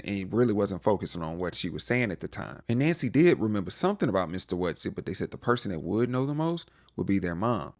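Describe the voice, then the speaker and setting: A young man hosting a casual TV recap, animated and joking, acting out the characters' lines with playful slang. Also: lowish voice. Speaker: recap show host.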